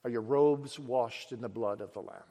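A male preacher giving a sermon with emphatic questions and dramatic pauses. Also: medium pitch, dark tone. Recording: long echo of a large hall.

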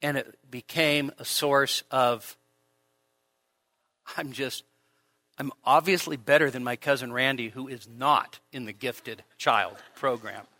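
A male pastor preaching a sermon in a church, animated, with humor and rhetorical questions. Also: mid-range voice, slow pace, no room sound.

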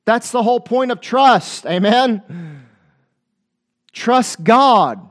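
A male preacher with a fairly high voice delivers a passionate sermon. He speaks straight to his listeners, asks them for an "amen", and acts out the voices of the scripture he quotes. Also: expressive, measured pace.

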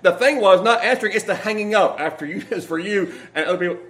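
A man's voice: high voice, quick pace, fairly bright tone. A man preaching a sermon, reading scripture aloud and putting earnest questions to the congregation. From United States.

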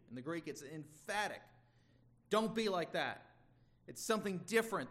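Male pastor, slightly high voice, earnest emphatic sermon delivery. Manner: earnest, emphatic preaching with some stumbles.

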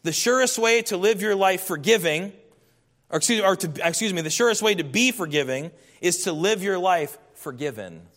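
A man's voice: high-pitched, lively intonation, moderate pace, a bit bright, long reverb tail. A man preaching a sermon as a pastor, earnest and emphatic, his voice rising in bursts.

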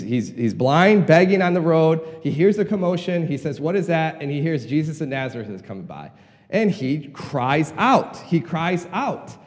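A middle-aged male preacher delivers a sermon in a fairly high but mellow voice. He is earnest and repeats words as he searches for them, then climbs in pitch to drive a point home. The sound trails off into the long reverb of a large hall.

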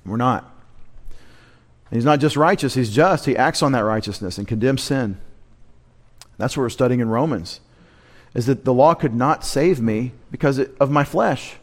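A male pastor working through a text line by line in a sermon, with a mid-range voice. He keeps posing questions to his listeners and then answering them, and he stresses key words with deliberate repetition. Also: mid-range voice. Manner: teaching through rhetorical questions and repeated emphasis. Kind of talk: expository sermon. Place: church sanctuary.

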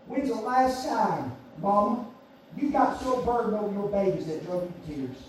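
Male preacher, high-pitched, emphatic repetition, far mic in a booming room. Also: expressive, moderate pace. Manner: emphatic and repetitive, swinging from shouts to hushed tones. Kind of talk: sermon. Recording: echoey room, voice far from mic, faint hiss.

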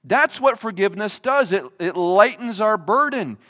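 Man preaching a sermon, high voice, animated swings in pitch, emphatic, rhetorical questions. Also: moderate pace. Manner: emphatic, asks the congregation many rhetorical questions. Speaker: pastor. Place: church service.

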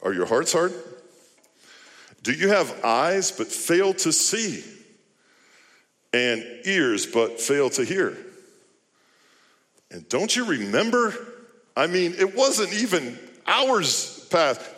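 A man's voice: a little high, sing-song, takes it slowly, pauses often, a bit bright. Male pastor mid-sermon, questioning and emphatic, in a long-reverb hall. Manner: rhetorical questioning, rising to emphatic appeals.

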